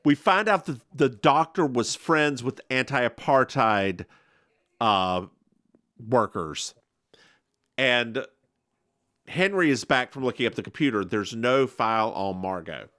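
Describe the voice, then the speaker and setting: A man's voice: medium pitch, slow pace, no room sound, studio quality. A man co-hosting a podcast in a casual chat, retelling an episode with lots of laughs and acted-out quotes. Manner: giggly, animated storyteller, acts out quotes. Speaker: podcast co-host recapping an episode.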